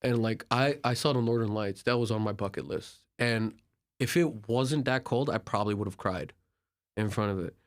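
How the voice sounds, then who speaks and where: A man's voice: on the low side, normal speed. A young man from Turkey, a podcast guest, tells travel stories casually and acts out the conversations with lots of filler words. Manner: animated, filler-heavy, acts out dialogue. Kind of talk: casual storytelling.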